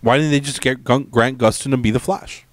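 A man's voice: mid-range voice, fairly even intonation, fairly quick, no echo. A man co-hosting a casual film review podcast, blunt and opinionated, swearing freely. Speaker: podcast co-host.

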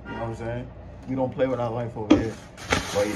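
A man's voice: medium pitch, level tone, fast, very noisy. A young man casually chatting to viewers while eating in a food vlog, full of laid-back slang and hype. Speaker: mukbang vlogger.

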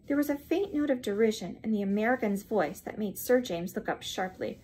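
A woman reading a classic novel aloud in a steady, expressive manner. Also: medium pitch, a little fast, hardly any pauses, slightly rough. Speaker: reader. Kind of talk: audiobook narration.

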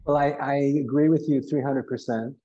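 A man talks in a measured, even manner in a public spiritual dialogue, his pitch barely moving. His voice is mellow and soft-edged, and a long hall reverb trails after each phrase. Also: highs cut off. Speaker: dialogue partner.

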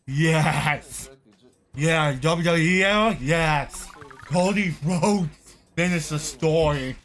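A man's voice: a little high, measured pace, fairly bright tone, a little hiss or hum. Raging, cursing gamer man. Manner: raging, cursing, rambling with many fillers. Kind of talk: live gameplay commentary.

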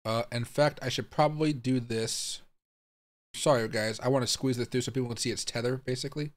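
Young guy on a live stream, confused and swearing, muttering to chat, mid-pitched voice. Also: fairly even intonation, brisk. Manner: baffled, thinking aloud, swearing, talking to viewers. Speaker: crypto livestream host. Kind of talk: live-streamed casual commentary.

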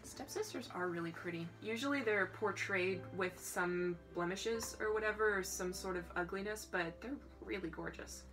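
A woman reading a storybook aloud in a casual way, breaking off for quick, joking asides. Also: mid-range voice, music in the background, rough recording.

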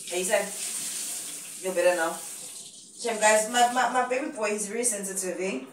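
A woman's voice: mid-range voice, measured pace, pauses often, slight background noise. A woman talking casually to her viewers in her home kitchen, chatty and playfully mock-solemn as she speaks to her family. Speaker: vlogger, mother. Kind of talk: casual family vlog chat.

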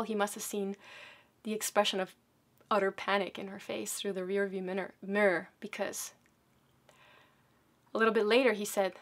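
A woman's voice: medium pitch, normal speed, pauses often. Woman telling a personal story. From South America. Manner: lively, vivid retelling with acted quotes. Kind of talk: personal story told to an audience.

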